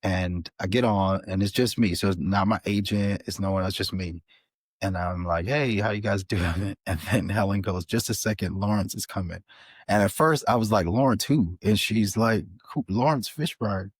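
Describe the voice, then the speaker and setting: A man, a podcast guest, telling an animated story in a casual interview, with frequent restarts. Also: fairly low pitch, moderate pace, breathy edge, no room sound. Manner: animated, many restarts and fillers. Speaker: podcast guest, author and filmmaker.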